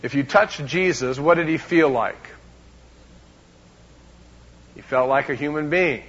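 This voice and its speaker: A man preaching a sermon as a pastor, emphatic, swinging between loud and hushed, often repeating words. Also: a little high, unhurried, husky, dull audio.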